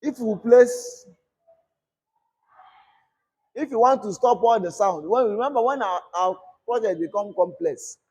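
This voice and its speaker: A man's voice: high-pitched, a little slow, long pauses, darkish tone, slightly rough. A man teaching a screen-recorded coding lesson, often asking a question and answering it himself. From Nigeria. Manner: repetitive call-and-response teaching, asks "what?" and answers himself. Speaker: coding instructor.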